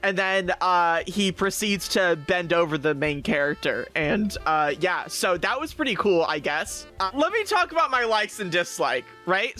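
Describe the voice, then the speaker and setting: Male streamer, high and bright, excitable, rambling, profane, faint music under him. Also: a little slow, hardly any pauses. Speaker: streamer reviewing comics. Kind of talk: casual streamed review.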